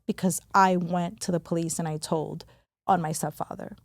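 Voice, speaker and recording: A woman's voice: fairly low pitch, steady tone, normal speed, dry recording. A woman guest on a podcast, speaking candidly and earnestly in a conversational interview, stressing words as she reflects.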